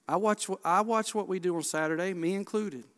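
Preacher in his forties, impassioned, fairly high-voiced, ringing through a big reverberant church. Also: brisk. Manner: impassioned, swinging from hushed to loud. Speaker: Baptist pastor. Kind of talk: sermon. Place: large church sanctuary.

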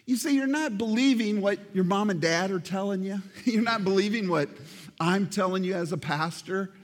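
Speaking at normal speed in a high voice, a man preaches as pastor in a church sanctuary, where a long reverb tail follows each phrase. He talks earnestly and directly to the congregation and repeats words for emphasis.

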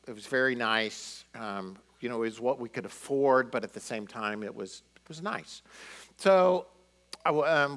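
Middle-aged guy preaching, chatty storytelling, lots of ums, average pitch. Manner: conversational, animated storytelling with many fillers. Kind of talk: sermon storytelling.

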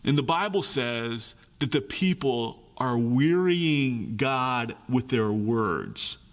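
A man preaching a sermon, animated, acting out the voices of complaining people. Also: mid-range voice, slow pace, in a large hall. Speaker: pastor.

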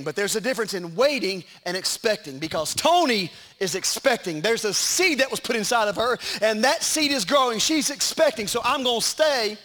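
High-voiced preacher man. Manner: animated preaching, shouting peaks, joking asides. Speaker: pastor. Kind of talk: sermon. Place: church sanctuary.

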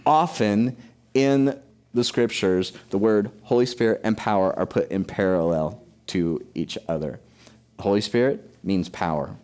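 A man's voice: medium pitch, darkish tone, clear, resonant tone. A middle-aged man preaching a sermon with emphasis, asking questions of his congregation. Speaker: pastor.

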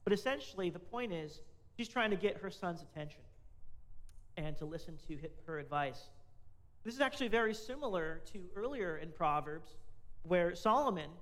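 A man's voice: high voice, lively intonation, normal speed, fairly bright tone. A man, a pastor, giving a conversational sermon and asking the congregation questions.

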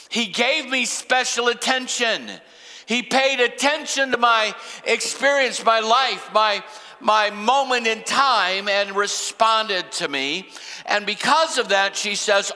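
An older male pastor preaching with a high, bright voice that carries through a long hall reverb. He slows down and pauses for emphasis, and his delivery is earnest. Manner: dramatic pauses and slowed emphasis. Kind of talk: sermon.

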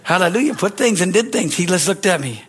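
A middle-aged male pastor preaching a fervent sermon, with a husky voice, swinging from low murmurs to shouted bursts and calling for amens. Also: expressive, fast. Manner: asks the congregation for amens.

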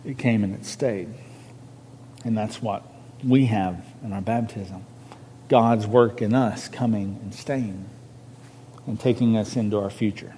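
A minister preaching a sermon from a podium, earnest and conversational, stressing key words. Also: male voice, on the low side, unhurried, dark tone, slightly rough, in a large hall. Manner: earnest, conversational preaching with restarts and rising emphasis. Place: church sanctuary on a raised podium.

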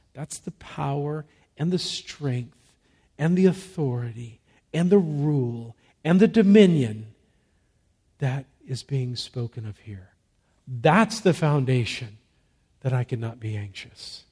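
A man's voice: a little high, slightly rough. Man preaching a dynamic sermon. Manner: swings from soft, slow emphasis to loud, rising exhortation; asks rhetorical questions and answers them. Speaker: pastor.

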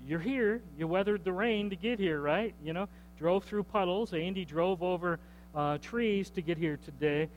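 A man's voice: high voice, normal speed, dull audio, a little hiss or hum. A man preaching a sermon to his church in a conversational way, often checking in with "okay?" and repeating words as he goes. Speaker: pastor.

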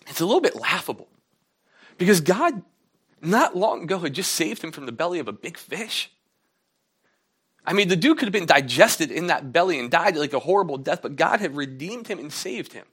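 A man with a slightly high voice delivers a sermon. He talks casually and conversationally, and when he acts out what others say, his voice climbs and gets louder. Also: slightly rough. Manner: conversational preaching, acts out quotes with rising pitch. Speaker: pastor.

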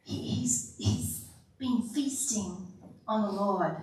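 Slow-preaching woman pastor, animated, heard from afar in a very echoey hall. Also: medium pitch, far from the mic, a little hiss or hum. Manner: animated, acts out quotes with sighs and laughs. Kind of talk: sermon. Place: church sanctuary.

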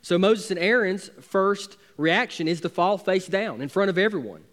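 A man's voice: high voice, expressive, normal speed, a bit bright. A man, preaching a sermon as pastor with emphatic, building intensity.

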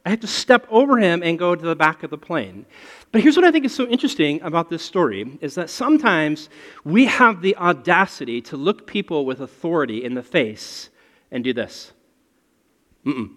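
A man preaching a sermon and telling a personal story in an animated way. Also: on the high side, fairly quick. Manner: animated, storytelling with rising excitement. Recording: long hall reverb.

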